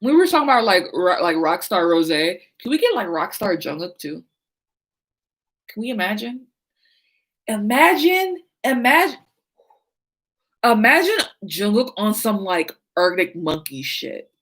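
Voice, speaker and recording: A woman's voice: mid-range voice, very animated, unhurried, pauses often, a bit bright, poor audio. A woman talking casually and animatedly about music, laughing often and swearing freely. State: sleepy, yawning. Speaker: podcast host. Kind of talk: casual chat.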